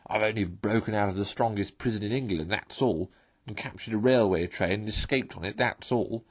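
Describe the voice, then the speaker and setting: A man voicing a boastful, excitable male toad in a storybook reading, loud and blustering. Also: fairly low pitch, fairly quick, slightly rough.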